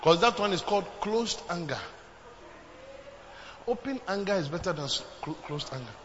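A man preaching a sermon in a church, swinging between quiet talk and loud shouted exhortation. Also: high-pitched, lively intonation, moderate pace, long pauses. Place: church hall. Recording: dull lo-fi recording with background noise.

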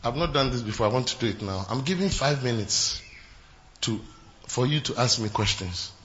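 A man preaching a sermon as pastor, swinging from shouted exclamations to low, quiet asides. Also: expressive, moderate pace, dull audio, a little hiss or hum.

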